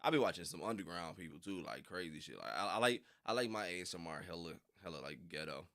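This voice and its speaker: A man's voice: deep voice, expressive, fast talker, fairly bright tone, dry recording, studio quality. A young man rambling casually on a livestream, full of slang and frequent laughter. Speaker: reaction streamer.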